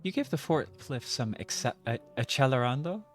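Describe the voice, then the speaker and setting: A woman's voice: rumbling low, expressive, normal speed, faint music behind. Playful woman reading game text. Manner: playful, jokey, mock-dramatic asides. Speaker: streamer playing a video game.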